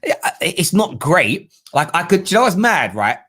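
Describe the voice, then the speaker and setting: A man's voice: high-pitched, big pitch swings, a bit bright, breathy edge. Chatty man hosting a live show. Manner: chatty, slangy, quick restarts. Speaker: host. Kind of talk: casual live-stream chat.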